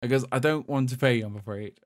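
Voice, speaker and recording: A man from England chats on a gaming podcast. His voice sits in the middle of the range and the sound is dry and close. He tells stories in an animated way and laughs as he talks. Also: mid-range voice, fast, no echo. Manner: animated storytelling, quoting others, laughing. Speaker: podcast host. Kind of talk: casual chat.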